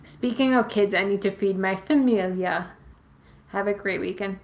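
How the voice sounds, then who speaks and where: With her pets close at hand, a Massachusetts woman in her late twenties rambles through a casual at-home Q&A, answering viewer questions with frequent "like" and "um" fillers. She speaks in a mid-range voice at a moderate pace. The livestream audio comes from a webcam or phone in an echoey room.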